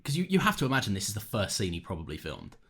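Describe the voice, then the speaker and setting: A man co-hosting a casual podcast, his pitch rising and falling a lot as he talks. He is chatty and keeps breaking into quick put-on voices to act out scenes. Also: wildly swooping pitch, a bit bright, slightly rough. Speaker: podcast co-host. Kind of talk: casual chat.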